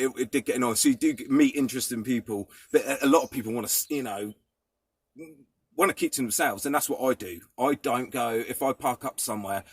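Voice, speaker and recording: A man's voice: medium pitch, husky, dry recording, clean studio sound. A man chatting casually to camera from inside his parked van, rambling and swearing as he laughs things off. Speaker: vlogger living in a van.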